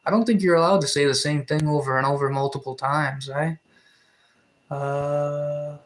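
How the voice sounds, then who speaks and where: A young Canadian man chatting casually on a live stream, rambling with lots of fillers and restarts while reading out comments. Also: medium pitch. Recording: roomy echo.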